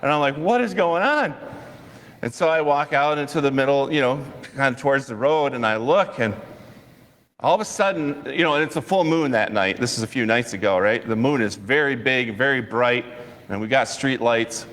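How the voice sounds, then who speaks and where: A man pastor preaching a sermon, telling a personal story in a lively way with chuckles and asides. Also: medium pitch, fairly quick. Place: church sanctuary. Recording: long church reverb.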